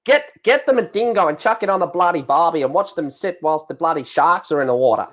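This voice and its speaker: A man's voice: a little high, expressive, fast, a bit bright. A man doing a brash mock-Australian accent as an over-the-top Aussie bloke during live stream banter. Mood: boisterous. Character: boisterous male Australian bloke, crude stereotype.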